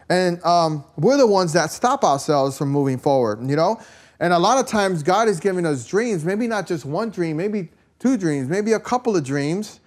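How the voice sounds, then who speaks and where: Speaking at normal speed in a high, animated voice, a preacher tells meandering stories to his audience. He keeps asking rhetorical questions and sprinkling in "you know" and "right?" in a chatty sermon style.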